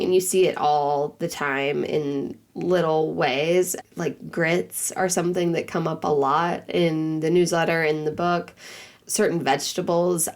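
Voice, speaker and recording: A woman in her thirties talks casually as a podcast guest. Her voice sits on the low side. She piles up asides and acts out her own thoughts in quotes. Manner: chatty, lots of "like" and quoted asides. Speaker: cookbook author and newsletter writer.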